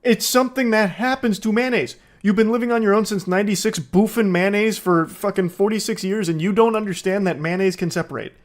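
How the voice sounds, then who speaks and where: A man's voice: sits high, a little fast, few pauses. A man giving sarcastic, swearing comedy commentary while reading out a couple's text messages.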